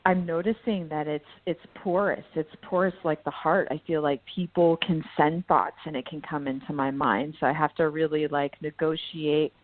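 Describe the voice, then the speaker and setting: A woman guest healer talks frankly and warmly animated, breaking into laughter often. Her voice sits on the low side for a woman. It comes through a narrow, tinny phone-like line. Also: moderate pace, hardly any pauses, dry recording. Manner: candid, laughs often, animated swings in pitch. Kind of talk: casual spiritual discussion.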